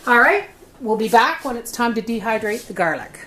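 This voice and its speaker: A woman's voice: on the high side, expressive, moderate pace, fairly bright tone, a little hiss or hum. Chatty folksy woman demonstrating in her kitchen. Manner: chatty and folksy, talks through each step. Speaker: homestead vlogger demonstrating food preservation.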